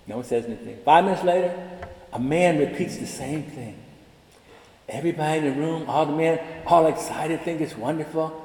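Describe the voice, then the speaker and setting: A man's voice: fairly high pitch, brisk. A man of about seventy giving a convocation address in a large chapel, telling personal stories and acting out the dialogue. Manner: animated storyteller, acts out dialogue. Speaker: convocation speaker. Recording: echoey chapel with long reverb.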